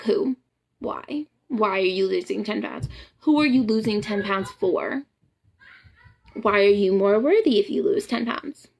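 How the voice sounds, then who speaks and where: A young adult woman with a Southern US accent, a photographer giving a blunt, profane, ranting pep talk on a casual live stream. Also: high voice. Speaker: boudoir photographer and empowerment coach.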